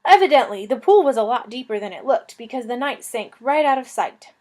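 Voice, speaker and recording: Woman reading aloud, expressive, slightly high voice, storybook. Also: a little fast. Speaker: reader. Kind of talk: reading a children's novel aloud.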